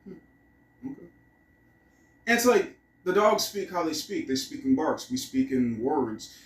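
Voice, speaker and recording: A man's voice: a little high, big pitch swings, unhurried, recorded from a distance. Rambling, cursing man in an echoey room. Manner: rambling, profane, musing aloud. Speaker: vlogger. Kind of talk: casual vlog monologue. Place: room at home.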